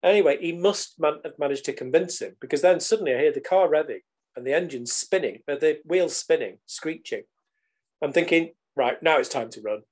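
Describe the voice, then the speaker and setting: Middle-aged man, podcast guest, lively and casual, slightly high pitch. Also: fairly quick. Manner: animated, casual swearing. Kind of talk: storytelling in conversation.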